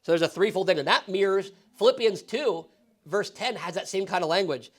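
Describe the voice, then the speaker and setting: Man, pastor, high voice, casual bible class, asks questions, says "right?" a lot. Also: expressive, brisk. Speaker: pastor teaching Bible study. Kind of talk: conversational Bible teaching. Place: church classroom.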